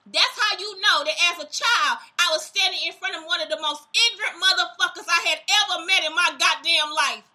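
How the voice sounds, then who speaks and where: A young woman with a very high, sharp, tense voice runs her own show. She delivers a furious monologue laced with profanity and pointed accusations. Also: a little fast, hardly any pauses.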